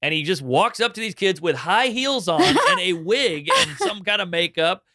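A man's voice: high voice, normal speed, dry recording, clean studio sound. A man in his thirties from New Orleans, a comedian guest telling a story in casual chat and acting out the voices of the people in it. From New Orleans, Louisiana. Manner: animated storyteller who acts out voices.

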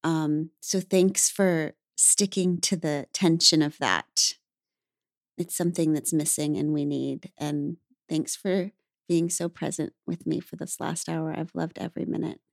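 A woman hosting a podcast interview, affirming her guest with soft murmurs and effusive praise. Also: sits low, steady tone, unhurried, gravelly, no room sound, clean studio sound. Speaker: podcast host. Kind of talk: conversational interview.

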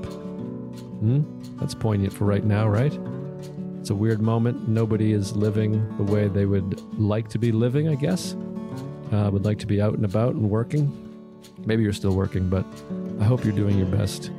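A man with a Boston accent hosting a podcast, rambling and self-deprecating in casual chat. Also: on the low side. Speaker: podcast host.

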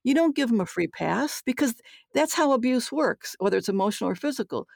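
A woman's voice: fairly high pitch, expressive, fairly quick, creaky, darkish tone, no echo, clean studio sound. An older woman, a psychologist being interviewed, telling stories in a candid, forthright way and acting out the dialogue. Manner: forthright, acts out quoted dialogue. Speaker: guest author and psychologist.

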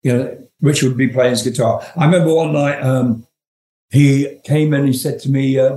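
A man's voice: medium pitch, fairly even intonation, normal speed, warm tone. A man in his seventies from England, a guest telling rambling, profane anecdotes with frequent chuckles. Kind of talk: storytelling interview. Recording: roomy echo.

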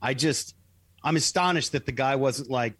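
A man's voice: medium pitch, moderate pace, fairly bright tone, husky, no echo. A man co-hosting a casual show, joking and acting out what he would have said. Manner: joking, acts out imagined quotes. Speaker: co-host. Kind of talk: casual radio show banter.

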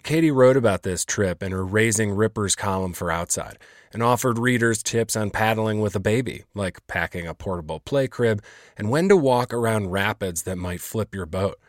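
A man's voice: on the low side, moderate pace, no room sound, clean studio sound. A man hosting a podcast, narrating in a wry, conversational way. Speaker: podcast host. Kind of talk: scripted narration and interviewing.

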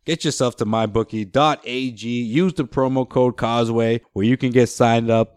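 A man's voice: medium pitch, darkish tone, no echo, studio quality. A man hosting a casual sports podcast, talking animatedly and slipping into mock voices to joke. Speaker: podcast host.

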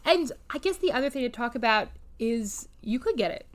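A woman's voice: fairly high pitch, lively intonation, brisk. A woman therapist co-hosting a podcast, chatting casually and animatedly, swearing freely and laughing often. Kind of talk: casual chat.

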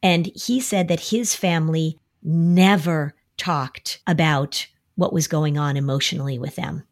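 A woman explaining an approach to anxiety on a podcast in a conversational way, often acting out worried voices as quotes. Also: fairly low pitch. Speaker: anxiety expert.

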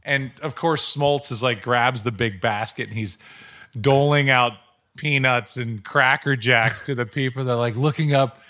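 A middle-aged man hosting a podcast, telling stories in an animated, casual way. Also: medium pitch, unhurried. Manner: animated storytelling, acts out quotes. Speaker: podcast host. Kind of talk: casual chat.

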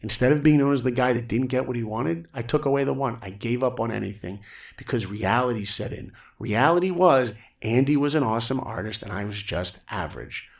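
Gravelly man telling an energetic story. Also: medium pitch, fairly quick. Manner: energetic, acts out quotes in raised voices. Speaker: guest storyteller. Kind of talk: animated storytelling on a podcast.

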